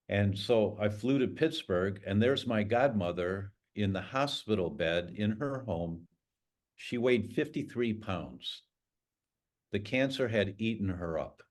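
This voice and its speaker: An older man, a guest, telling a personal story with emotion and acting out the dialogue. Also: fairly low pitch. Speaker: guest speaker.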